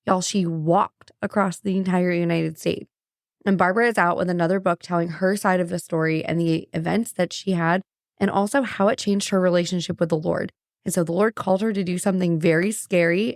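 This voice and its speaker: A woman's voice: lowish voice, gravelly. Gushing woman podcast host. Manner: gushing, excitable, addresses listeners as y'all. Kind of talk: casual chat.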